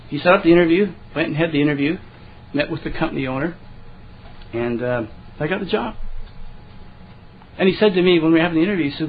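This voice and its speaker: A man giving a conversational sermon in a folksy way. He restarts his words, reads scripture slowly and clears his throat often. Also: fairly high pitch, muffled recording, slight background noise. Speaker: preacher.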